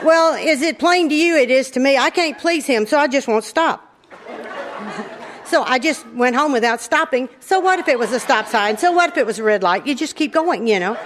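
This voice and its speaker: With a faint crowd and a slight hiss or hum in the background, a middle-aged woman shares a humorous personal story with an audience. Her voice is high and her pace moderate. She drawls in a lively, folksy way and laughs a lot.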